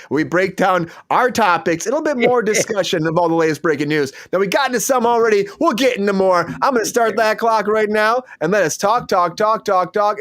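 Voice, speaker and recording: Hyped male show host, high voice, dry close sound. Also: fairly bright tone, no room sound. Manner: upbeat, hyped. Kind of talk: live show hosting.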